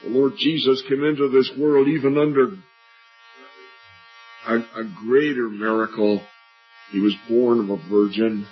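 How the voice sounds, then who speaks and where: An older male preacher giving an earnest evangelistic sermon at a church meeting, climbing high on questions and dropping low and soft on key lines. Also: steady tone, unhurried, long pauses, a little hiss or hum. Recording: muffled lo-fi recording with faint music.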